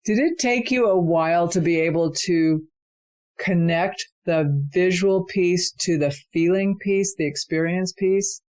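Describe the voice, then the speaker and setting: A woman's voice: on the low side, a little slow, darkish tone, clear, resonant tone. A woman hosting a podcast, asking questions and affirming her guest. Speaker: podcast host. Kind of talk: podcast interview.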